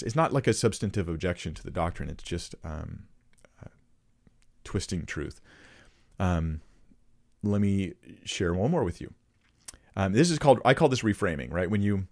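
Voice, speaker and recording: A man giving casual, earnest commentary on clips he plays, with rhetorical questions and quick restarts. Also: low voice, a little mellow. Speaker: Christian commentator.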